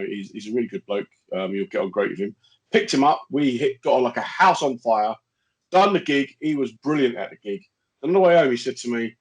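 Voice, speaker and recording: A man's voice: mid-range voice, rough recording. A man co-hosting a casual comedic chat, telling stories and acting out the voices of people in them. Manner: animated storyteller, acts out voices in quotes. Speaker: co-host, comedian.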